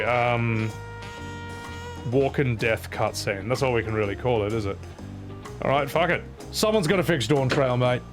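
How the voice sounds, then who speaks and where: Crude joking male game streamer. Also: fairly high pitch. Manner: crude, joking, self-mocking. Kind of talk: live-stream commentary over gameplay.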